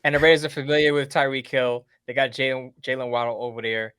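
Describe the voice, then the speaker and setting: A man guesting as a sports writer, working through his points one by one in an orderly way. His voice is bright and crisp at a middle pitch, and sounds dry and close. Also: little pitch movement, fast talker, dry recording. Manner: methodical, lays out lists of teams and plans. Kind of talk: casual sports talk.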